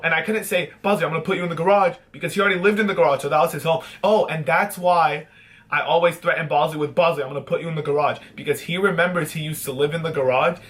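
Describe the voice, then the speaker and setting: A chatty young man tells a rambling pet story to his vlog audience. He swears freely and slips into mock-dramatic sadness. His voice sits a little high for a man. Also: fairly bright tone. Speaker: vlogger.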